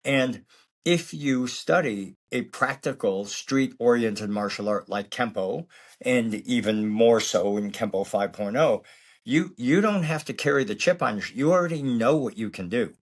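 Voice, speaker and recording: Calm, reflective male martial arts teacher. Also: mid-range voice, measured pace. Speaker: martial arts actor and instructor. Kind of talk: casual interview chat.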